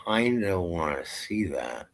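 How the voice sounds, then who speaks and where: An adult man co-hosting a podcast, chatting casually and telling stories in a playful, animated way. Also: low-pitched, takes it slowly. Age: adult, parent of a twelve-year-old. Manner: animated, playful storytelling with jokes. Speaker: podcast co-host. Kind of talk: casual chat.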